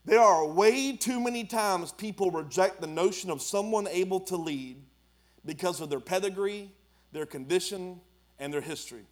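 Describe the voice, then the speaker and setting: A man's voice: sits high, moderate pace. A man, preaching a sermon as pastor, building to emphatic declarations in plain colloquial speech.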